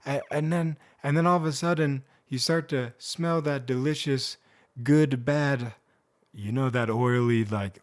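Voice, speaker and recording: A young man hosting a comedic storytime vlog, telling a story with animated, acted-out moments. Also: mid-range voice, unhurried. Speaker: storyteller host.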